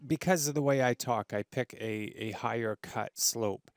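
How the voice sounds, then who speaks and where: A man hosting a casual audio software tutorial, enthusiastic and full of fillers and restarts. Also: mid-range voice, normal speed, no echo, clean studio sound. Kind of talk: screen-recorded software tutorial. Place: home studio with treated room.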